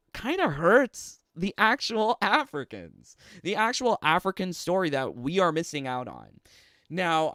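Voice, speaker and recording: Man, Canadian accent, sarcastic livestream rant, frequent laughs, dry close mic, unhurried delivery. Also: medium pitch, a bit bright, clean tone, no room sound. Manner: sarcastic, laughs often between phrases. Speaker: streamer and commentator.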